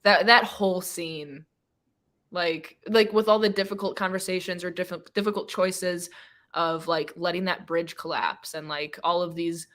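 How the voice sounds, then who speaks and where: A woman's voice: lowish voice, fairly even intonation, moderate pace, a bit bright. A woman guest in a casual book discussion, emotional and rambling with many restarts and fillers.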